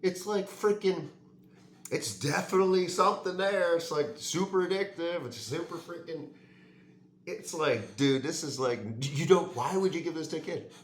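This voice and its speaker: A fitness vlogger rants to the camera in a casual but heated way, swearing and repeatedly saying "dude" and "like." His voice is a little high and moves at a moderate pace, recorded in an echoey room.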